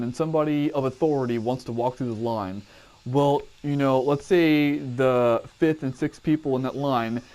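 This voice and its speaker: A man's voice: medium pitch, darkish tone. A man telling a personal story casually, rambling, cursing and often correcting himself.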